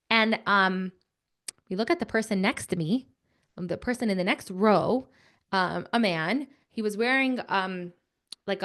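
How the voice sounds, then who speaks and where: A young woman telling an animated story to children, chatty and excitable, with lots of filler words. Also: medium pitch.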